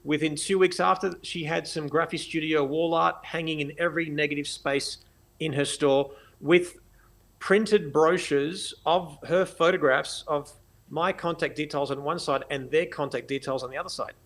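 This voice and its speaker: A man with an Australian accent, a podcast guest telling stories in an animated, blunt way and acting out conversations. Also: a little high, normal speed. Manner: animated, acts out dialogue, blunt and profane. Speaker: guest, photographer. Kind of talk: podcast interview storytelling.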